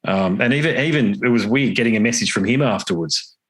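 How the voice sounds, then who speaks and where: A man's voice: medium pitch, brisk, husky. Chatty man telling stories. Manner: chatty anecdotal storyteller, laughs easily. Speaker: podcast guest, guitarist and podcaster. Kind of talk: casual interview chat.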